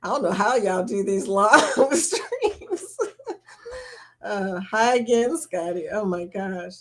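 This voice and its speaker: A woman's voice: mid-range voice, lively intonation, slow. A middle-aged woman, hosting a casual livestream chat, reading viewer comments aloud and laughing often.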